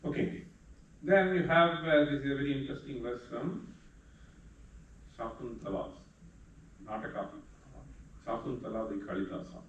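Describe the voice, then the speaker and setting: A man teaching a class, explaining patiently step by step and chanting verses slowly. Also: medium pitch, steady tone, lo-fi sound, slight background noise. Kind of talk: lecture on Sanskrit meter. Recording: echoey room, distant mic.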